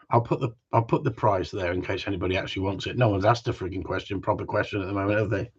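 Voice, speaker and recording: A man's voice: fairly low pitch, fairly even intonation, fast talker, few pauses, slightly rough. A man hosts a live stream as a dog trainer, chatting casually and joking while he answers viewers' questions. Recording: dull lo-fi stream audio.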